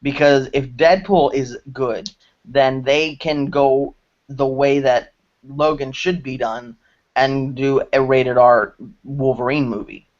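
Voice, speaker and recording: A man co-hosting a movie news podcast in casual chat, excitable, jokey and rambling. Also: medium pitch, slow, muffled recording. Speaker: podcast co-host. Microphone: video call.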